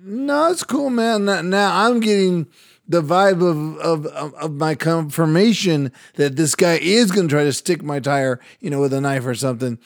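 An older man with a somewhat high voice tells a story in easy, casual chat. He laughs often and jumps into different voices for the people in the story. He talks like the radio and podcast host he is. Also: normal speed, no room sound, clean studio sound. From Latin American heritage, United States.

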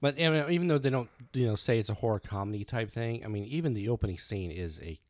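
A middle-aged man co-hosts a casual movie chat with a lowish voice, talking quickly. He repeats words and hedges as he goes, and the sound is dry and close. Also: expressive, darkish tone, dry recording. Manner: repeats words, hedging with "I mean". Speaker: podcast co-host.

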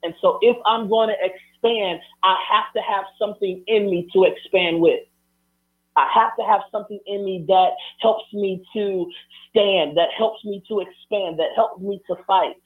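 A man's voice: high-pitched, steady tone, moderate pace. A man preaching a sermon, driving his points home with repeated, building refrains. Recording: tinny phone-like broadcast sound.

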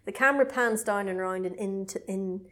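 A woman co-hosting a casual podcast, retelling a film in a chatty, animated way. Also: mid-range voice, normal speed. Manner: chatty, animated storytelling with laughs. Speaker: podcast co-host recapping a film. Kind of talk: casual chat.

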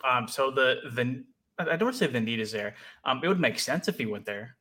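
A man co-hosting a sports podcast, talking in a relaxed, hesitant way with many fillers. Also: medium pitch, brisk, low-quality recording. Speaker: podcast co-host. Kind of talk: casual sports chat.

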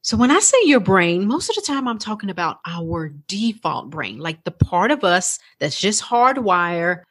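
A woman's voice: medium pitch, sing-song, normal speed, slightly rough. A woman hosting her own coaching podcast, talking in a chatty, encouraging way with frequent laughs and questions to her listeners. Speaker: podcast host and life coach. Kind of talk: casual motivational podcast talk.

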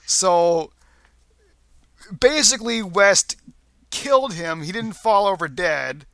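Bright-voiced man, stammering chat. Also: sits high, expressive, slow, vocal fry, dry recording. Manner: stammering repeats of words. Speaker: podcast co-host discussing a story. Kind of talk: casual chat.

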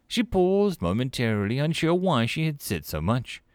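Animated male audiobook narrator. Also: medium pitch, normal speed, dry recording, clean studio sound. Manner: expressive, animated storytelling. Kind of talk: sci-fi short story audiobook narration.

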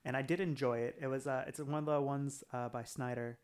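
A man's voice: medium pitch, steady tone, a little fast, a little mellow, clear, resonant tone. Rambling casual man retelling a story. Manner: rambling, many fillers like "like" and "uh". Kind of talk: casual chat, retelling a comic plot.

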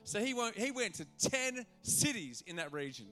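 A male pastor preaching a sermon to a church congregation, animated and acting out the voices in his stories. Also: high voice, moderate pace. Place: church auditorium.

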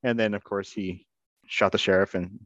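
A man's voice: on the low side, fairly even intonation, normal speed, a bit bright, no echo. Joking man on a dull, dry mic. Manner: laid-back, laughs often, joking. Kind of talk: casual chat.

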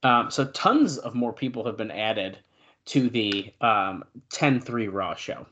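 A male podcast co-host in casual chat, reading out old news notes and adding quick asides. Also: on the low side, expressive, a bit bright, lo-fi sound.

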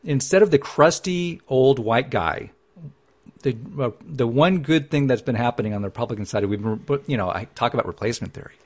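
A man co-hosting a political talk show, chatting casually with frequent laughs and lively asides. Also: mid-range voice, brisk. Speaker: podcast co-host.

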